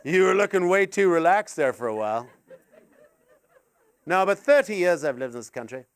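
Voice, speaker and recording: A middle-aged man performing a rambling stand-up set, excitable and sweary, with sudden yelps. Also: sits high, normal speed, clear, resonant tone, dry recording. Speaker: stand-up comedian.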